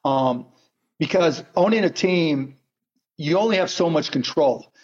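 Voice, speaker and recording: A man's voice: fairly high pitch, animated, a little slow, darkish tone. A middle-aged man from Pittsburgh, speaking as a guest and telling blunt, direct stories in casual conversation. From Pittsburgh, USA. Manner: blunt, anecdotal storyteller. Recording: muffled lo-fi audio.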